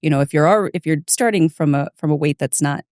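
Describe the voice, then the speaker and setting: A woman's voice: deep voice, quick pace, a little mellow, no room sound, clean studio sound. A woman nurse midwife co-hosting a health podcast, speaking earnestly and frankly about her practice. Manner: earnest, frank clinical opinions. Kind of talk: casual medical podcast chat.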